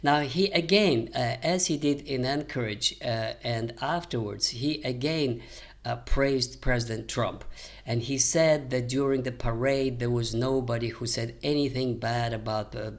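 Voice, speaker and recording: An older man, a retired historian, giving unscripted commentary in a measured lecturing manner with frequent hesitations. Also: medium pitch. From American. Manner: measured, many "uh" fillers, lecturing.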